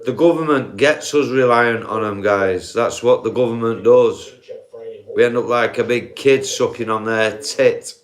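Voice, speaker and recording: Man, live-stream rant, unhurried and sweary. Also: mid-range voice. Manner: profane, laughs at own points, addresses viewers as guys. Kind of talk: ranting live-stream monologue.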